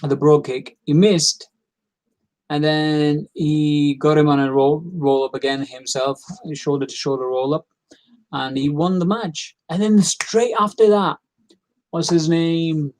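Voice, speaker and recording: Man, tired, rambling, opinionated, lots of fillers, casual recap host, higher voice. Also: flat delivery, a little slow, darkish tone.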